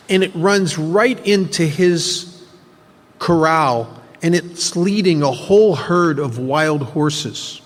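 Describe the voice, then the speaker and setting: A man speaking at a recovery workshop, telling a story earnestly to make a spiritual point. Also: a little high. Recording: long hall reverb.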